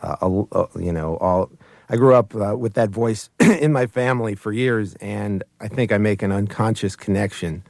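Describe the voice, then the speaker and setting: A man who creates puppet shows, telling stories in a casual interview, animated and often laughing between his words. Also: on the low side, creaky, no echo, studio quality. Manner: animated, laughs often mid-sentence, quick restarts.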